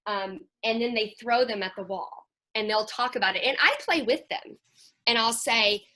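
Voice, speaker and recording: A woman's voice: on the high side, moderate pace. A middle-aged woman, speaking as a Christian counselor to a group of parents in an earnest, chatty way. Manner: earnest, chatty, animated when quoting children.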